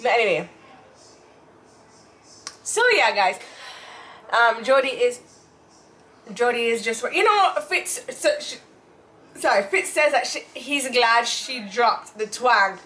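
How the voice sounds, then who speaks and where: A woman's voice: a little high, animated, slow pace, pauses often, bright, forceful tone. A woman from Jamaica with a Jamaican accent, co-hosting a casual chat and rambling with fillers and restarts. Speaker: co-host.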